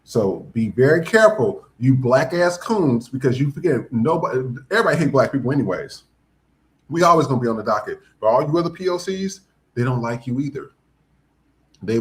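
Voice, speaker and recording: A man's voice: medium pitch, fairly quick. A man hosting a podcast, ranting in casual political commentary with lots of profanity and mocking asides. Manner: profane, animated, mocking mimicry. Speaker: podcast host.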